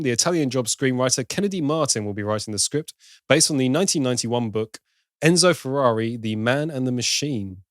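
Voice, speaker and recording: A man's voice: mid-range voice, no room sound. Guy chatting films on a podcast, mid voice, close dry mic. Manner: chatty, swears, laughs at bad films. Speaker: podcast co-host. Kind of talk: casual film podcast chat.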